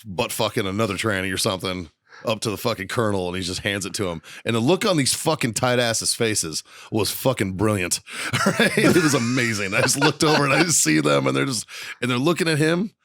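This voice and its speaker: A man's voice: medium pitch, fairly quick, creaky, no room sound, clean studio sound. A man hosting a podcast, telling a story in casual chat, swearing constantly and laughing often. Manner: lively anecdote teller, often breaking into laughter. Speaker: podcast host.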